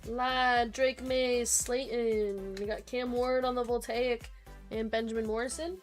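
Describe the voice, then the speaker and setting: Young woman, high voice, breaks host, quick chatty name lists, faint music behind. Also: flat delivery. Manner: rapid listing of names, chatty asides to viewers. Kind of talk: live-stream card break commentary.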